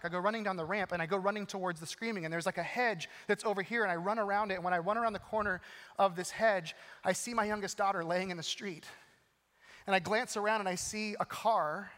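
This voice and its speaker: Middle-aged male pastor, earnest storyteller, slightly high voice, big hall reverb. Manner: earnest storytelling, swings from urgent to hushed. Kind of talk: sermon with personal story.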